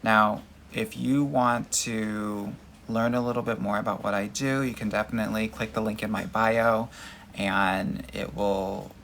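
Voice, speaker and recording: A man's voice: fairly low pitch, steady tone, unhurried, a bit bright, slight background noise. A man hosting a live dating Q&A, answering viewer comments in a sassy, emphatic way and calling his audience girl and honey. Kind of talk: casual livestream chat answering viewer comments.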